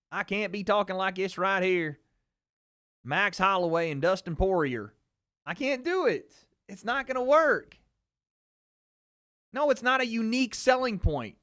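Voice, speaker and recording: Animated, bright-voiced streamer man. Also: sits high. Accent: light Southern American. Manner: animated, boastful, swears freely. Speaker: streamer host. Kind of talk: casual livestream chat.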